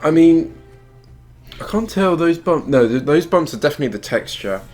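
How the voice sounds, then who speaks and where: A man's voice: a little high, expressive, moderate pace, a little mellow. Rambling, hesitant British man chatting. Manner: rambling, hesitant, laughs often. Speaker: co-host. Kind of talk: casual chat. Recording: faint music under the voice.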